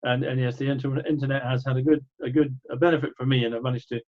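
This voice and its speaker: A man's voice: medium pitch, little pitch movement, fast. Brief: older man, mild Scottish accent, wry guest on a remote call, slightly muffled sound. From Scotland. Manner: dry, wry humor. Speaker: guest, doctor. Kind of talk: conversational interview.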